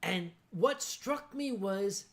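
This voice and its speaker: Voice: medium pitch, lively intonation. A show host from Pennsylvania telling anecdotes in a casual chat, acting out the voices of the people in the stories. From Pennsylvania, USA. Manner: unhurried anecdote telling, acts out quoted voices.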